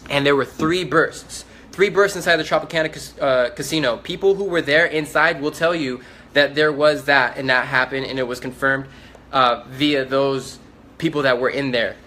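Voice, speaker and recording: A man's voice: on the high side, normal speed, sharp tone, slight background noise. A man giving first-person eyewitness testimony, telling it urgently and insistently, acting out the lines of the people he met. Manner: urgent, insistent storytelling with quoted dialogue and restarts. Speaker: eyewitness recounting an event.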